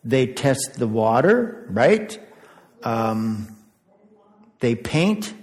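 A man's voice: medium pitch, sing-song, extremely slow, darkish tone. An older man giving a children's sermon as pastor, chatty, asking the kids questions and chuckling often. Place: church sanctuary. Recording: echoey church sanctuary.

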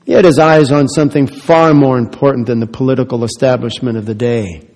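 A man preaching a sermon as a pastor, swinging between hushed, quiet lines and loud, emphatic ones, and asking many rhetorical questions. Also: mid-range voice, fairly even intonation, a little fast, long reverb tail.

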